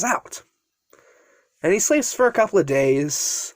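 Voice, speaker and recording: Guy rambling thru a fan story, bouncy lively pitch, dry sound. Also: measured pace, dry recording. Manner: rambling, frequent self-corrections. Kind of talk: casual fan-fiction storytelling.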